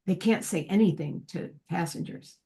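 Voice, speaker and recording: A woman's voice: on the low side, normal speed, mellow. A woman from the United States speaking on a panel over a video call, telling a personal story in an earnest, indignant way.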